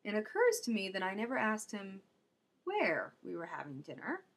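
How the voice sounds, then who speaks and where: A woman's voice: medium pitch, wildly swooping pitch, moderate pace, husky. Wry woman telling a personal story. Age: young adult. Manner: wry, self-mocking comic delivery.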